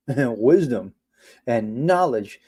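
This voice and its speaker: A middle-aged man hosts a livestream and talks straight to his chat. He rants in loud, exasperated bursts full of swearing, then drops to low mutters. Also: drawn-out words, husky. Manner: animated, exasperated ranting with swearing; swings from loud outbursts to quiet mutters. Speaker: livestream show host. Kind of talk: casual livestream talk reacting to chat.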